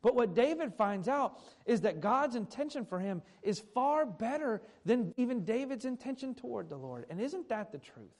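A man's voice: extremely high pitch, very animated, moderate pace, hardly any pauses. A man preaching a sermon who reads old scripture aloud and then restates it in plain everyday words. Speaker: pastor.

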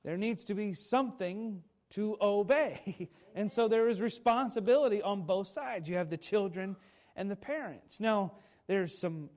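Conversational preacher, slightly high voice. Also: male voice, a little mellow. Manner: conversational preaching with dramatic pauses and self-corrections. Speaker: pastor. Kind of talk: sermon.

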